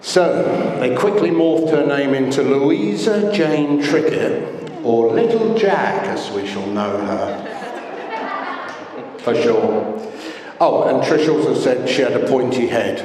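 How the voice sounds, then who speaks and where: A man's voice: mid-range voice, lively intonation, takes it slowly, a crowd in the background. A middle-aged man gives a wedding speech in a large function room, telling jokey, self-mocking stories. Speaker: wedding guest giving a speech. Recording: echoey hall, voice from far off.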